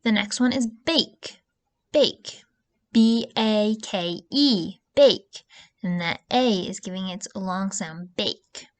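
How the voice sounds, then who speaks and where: A woman's voice: mid-range voice, takes it slowly. A woman teacher giving a spelling lesson to young children, patient and stretching out the vowel sounds. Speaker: early-years teacher.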